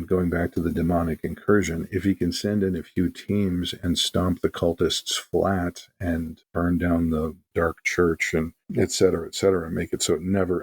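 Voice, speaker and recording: This man's voice sits low, with a bit of background noise behind it. He's a game master appearing as an interview guest, telling stories in a relaxed, animated way and performing the quoted lines.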